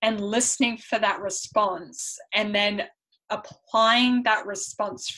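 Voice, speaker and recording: An Australian woman whose accent carries a slight European tinge, talking as a podcast guest. She speaks slowly and earnestly, scattering "um" through her sentences. Her tone is bright and forward. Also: mid-range voice, fairly even intonation, rough recording. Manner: earnest, frequent "um" fillers, laughs easily. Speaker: podcast guest, intuitive mentor. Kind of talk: conversational podcast interview.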